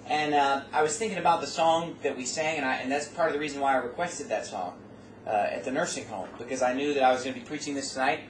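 A man's voice: mid-range voice, fast talker. Man preaching in a roomy hall. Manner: exhorting, rising to emphatic peaks; folksy asides and rhetorical questions. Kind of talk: sermon. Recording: roomy, distant mic, faint room noise.

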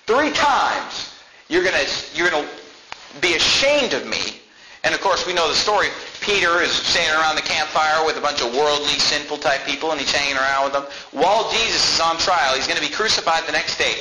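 Animated high-pitched preacher in an echoey room. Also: male voice, moderate pace. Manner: animated preaching, acting out dialogue, building to shouts. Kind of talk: sermon. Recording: echoey room with clear background noise.

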